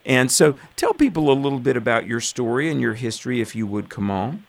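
A man's voice: medium pitch, very animated, brisk, gravelly. A man with an ordinary mid-range voice hosts a talk show. He chats in a friendly, conversational way as he introduces his guest. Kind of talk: casual interview.

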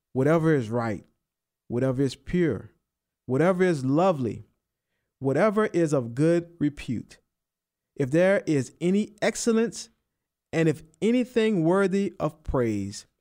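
A man preaching a sermon, repeating and stressing key phrases and rising in pitch on the emphatic ones. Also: a little mellow. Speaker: pastor.

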